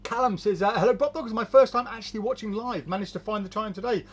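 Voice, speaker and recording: A man hosts a relaxed live stream from a shop. He reads out viewer comments one after another and adds his own chatty remarks, laughing easily along the way. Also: sits high, quick pace. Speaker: host of a magic shop's live show. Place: magic shop studio.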